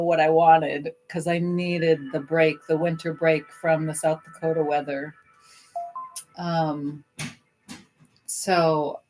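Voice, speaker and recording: A middle-aged woman on a casual livestream, gently and sympathetically chatting with viewers while thinking aloud through many pauses. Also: low-pitched. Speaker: livestreamer taking song requests. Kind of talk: casual live-stream chat.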